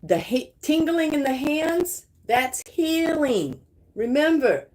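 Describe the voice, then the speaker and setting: A middle-aged woman leading a live spiritual healing session as a guided meditation, slow and affirming, repeating her phrases. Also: sits high, a little mellow, rough recording.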